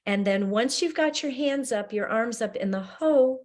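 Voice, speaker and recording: A woman leading a guided breathing meditation and laughter yoga, her voice slow and soothing. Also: a little high, animated, a little mellow.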